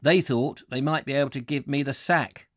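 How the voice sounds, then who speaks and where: A man's voice: normal speed, dry recording, studio quality, natural voice. A man putting on a wry old railwayman. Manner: a failed try at a northern dialect, pitched up. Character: older male railwayman, wry and blunt.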